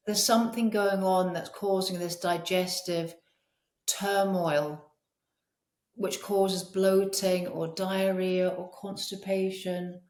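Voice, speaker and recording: A woman's voice: mid-range voice, steady tone, slow, a little mellow. Woman, herbalist guest, earnest explaining, echoey room. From Scotland. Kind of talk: conversational interview. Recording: roomy echo.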